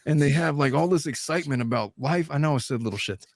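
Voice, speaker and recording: A man in his thirties hosts a casual podcast discussion, animated, swearing freely and laughing between points. His voice is fairly high and quick, with clean studio sound and no echo.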